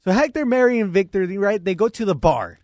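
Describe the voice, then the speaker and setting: A high, lively man's voice in a dry, close recording. He co-hosts a casual podcast and tells stories eagerly, laughing often and jumping in to lecture his friend. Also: brisk, no echo. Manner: excitable, laughing, mock-lecturing storyteller. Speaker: podcast co-host.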